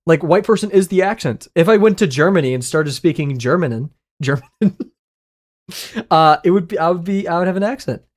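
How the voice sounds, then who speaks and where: With a brisk, mid-range voice, the streamer chats casually and eagerly with the audience, swearing without restraint and laughing frequently while responding to chat.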